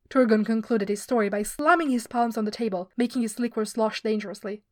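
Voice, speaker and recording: A woman's voice: a little high, brisk, hardly any pauses, dry recording. Woman reading a story, dry close sound. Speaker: podfic reader. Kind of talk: scripted story narration.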